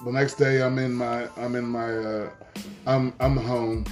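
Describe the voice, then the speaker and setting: A man in his thirties co-hosting a casual chat, telling a story in a laid-back way that trails off into quiet mumbles. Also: mid-range voice, level tone, measured pace, soft background music. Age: 30s. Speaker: podcast co-host.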